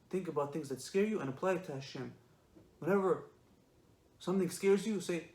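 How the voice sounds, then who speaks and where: A man with a high-sitting, dark-toned voice delivers a Torah lesson at a moderate pace in an echoey room. He's emphatic and repetitive, frequently posing rhetorical questions.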